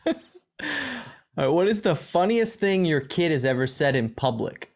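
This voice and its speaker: A podcast host with a lively, expressive voice and a giggly manner. He asks the questions and tells stories in a casual, upbeat way, laughing often. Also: on the high side, normal speed. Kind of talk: casual chat.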